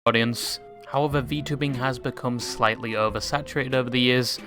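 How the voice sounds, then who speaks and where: A man narrates a scripted video essay in a dry, sarcastic tone. His voice sits at a middling pitch for a man, and a little music plays softly behind him. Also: fairly even intonation, normal speed.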